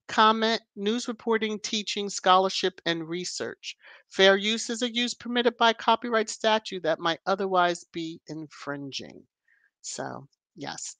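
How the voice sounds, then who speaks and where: Soft music plays behind a livestream host as she welcomes her viewers individually by name, her voice lifting with every greeting. Her pitch is fairly low, and there's no room sound in the casual stream.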